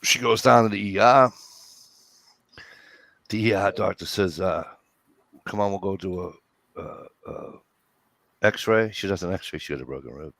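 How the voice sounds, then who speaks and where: A man with a very low, gravelly voice tells a story among friends. He swears freely and acts out every quote. His sound is dry and close, with no room echo. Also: a little slow, pauses often. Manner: profane, animated storyteller who acts out quotes. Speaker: host. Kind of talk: casual storytelling chat.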